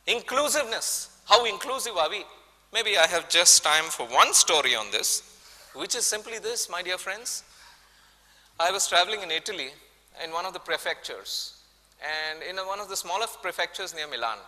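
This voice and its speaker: A man's voice: high-pitched, animated, normal speed, bright, forceful tone. A man with an Indian accent giving a conference keynote, emphatic and repeating key phrases while talking straight to the audience. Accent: Indian English. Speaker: keynote speaker. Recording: reverberant conference hall.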